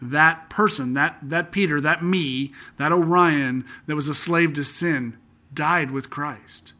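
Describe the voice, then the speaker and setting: A man hosting a casual Bible-study podcast, talking earnestly and conversationally, slowing down to read scripture aloud. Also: on the high side, sharp tone. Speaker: podcast host teaching through a Bible book.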